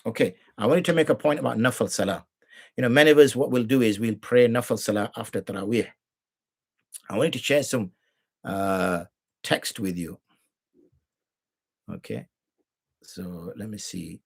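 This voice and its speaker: Husky and on the low side, with vocal fry and frequent pauses, this middle-aged jurist speaks at a normal pace. On a live show he teaches how to pray, arguing with rhetorical questions and mimicking people he corrects.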